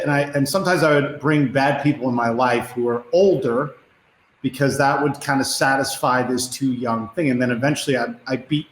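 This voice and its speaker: A male podcast host asks his guest personal questions in a reflective, halting way, often restarting his sentences. His voice sits at an ordinary pitch. The room adds echo, and faint noise hums underneath. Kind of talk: interview conversation.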